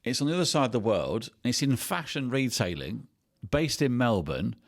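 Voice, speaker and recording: A man's voice: medium pitch, sing-song, moderate pace. An English man in his fifties, a company CEO telling his career story as a podcast guest in a chatty, anecdotal way. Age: 50s.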